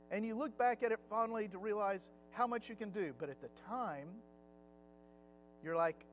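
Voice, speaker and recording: A middle-aged man leading a Sunday Bible class in a chatty, conversational way. He acts out quotes and laughs at his own jokes. His voice sits fairly high, with a faint hum underneath. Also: lively intonation, normal speed.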